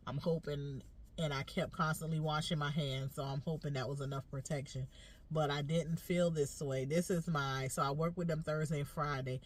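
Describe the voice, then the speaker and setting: A congested woman nurse chatting casually and directly to her viewers, trailing off and restarting often. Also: sits low. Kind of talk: casual vlog talk to viewers. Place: inside a car. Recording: distant mic, loud car noise.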